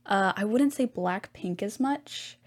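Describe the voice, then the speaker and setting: A woman's voice: mid-range voice, slow. A young woman hosting a solo podcast, chatting casually and rambling with lots of ums and side comments. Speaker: podcast host.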